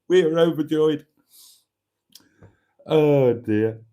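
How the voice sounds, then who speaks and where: Theatrical man, lively mellow voice. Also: a little high, very slow. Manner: theatrical, calls viewers darlings, mock-grand phrasing. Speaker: live-stream host. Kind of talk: casual live-stream chat reading viewer comments.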